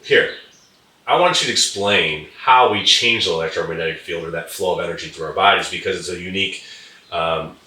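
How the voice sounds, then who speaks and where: Low, bright-toned male host. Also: brisk, reverberant, recorded from a distance, poor audio. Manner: affirming, frequent agreement. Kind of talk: interview conversation.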